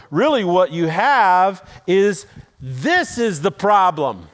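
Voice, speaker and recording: A man's voice: sits high, big pitch swings, measured pace. A male pastor preaching a sermon in a church, telling stories conversationally and acting out quoted voices, with dry, self-deprecating humor. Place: church auditorium.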